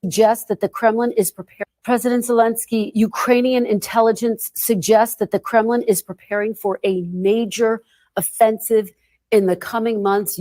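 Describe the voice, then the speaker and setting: A woman TV news interviewer asking a formal, measured question in a broadcast clip. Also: mid-range voice, a little mellow, lightly acted.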